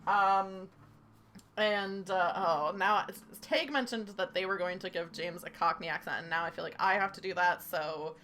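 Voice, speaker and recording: A woman's voice: on the low side, normal speed, bright, forceful tone, a little hiss or hum. A woman narrating as game master of a tabletop role-playing game, casual and full of fillers. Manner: casual, filler-heavy, tentative.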